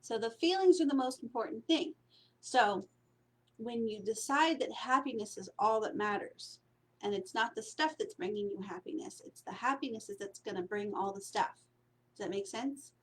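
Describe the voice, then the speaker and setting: A woman with a high voice talks through spiritual prosperity like a coach chatting with clients. She meanders and repeats herself, often checking in with a quick "right?" The delivery is loose, casual and motivational.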